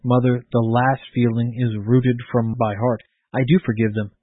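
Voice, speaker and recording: Guy doing a doomed young soldier, proud and torn up, husky voice, phone-line sound. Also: mid-range voice, little pitch movement, normal speed, no room sound, close to an everyday voice. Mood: earnest. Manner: earnest, old-fashioned speech. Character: condemned young male soldier, proud, anguished.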